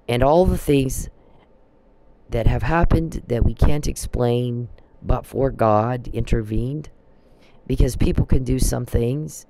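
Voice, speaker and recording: A man delivers a preachy, emphatic religious talk and quotes scripture as he goes. His voice is mellow and dark, with a gravelly creak, at a middle pitch. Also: rough recording. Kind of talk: religious exhortation monologue.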